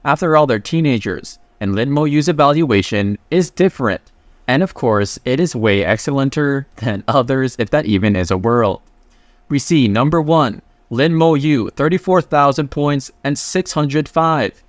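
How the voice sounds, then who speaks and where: An animated man with a medium-pitched voice speaks at a moderate pace, with no echo. He narrates a casual manhwa recap, retelling the comic loosely and slangily while delivering the characters' lines.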